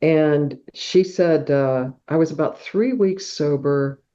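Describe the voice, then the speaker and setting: A woman's voice: low voice, slow pace, dark tone. A middle-aged woman telling a personal story as a podcast guest, acting out sounds like whooshes and claps as she goes. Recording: dull, muffled podcast audio.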